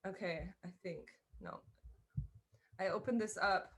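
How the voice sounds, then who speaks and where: Over violin playing, a woman leads a live online fiddle lesson, encouragingly walking through bowing step by step and singing out the rhythms. She speaks a little slowly in a medium pitch with vocal fry and a slightly bright tone.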